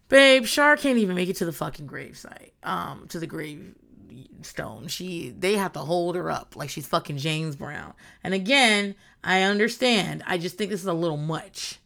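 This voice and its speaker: A woman's voice: lowish voice, creaky, fairly bright tone. A woman in casual chat, recapping a reality show in a blunt, rambling way and swearing often.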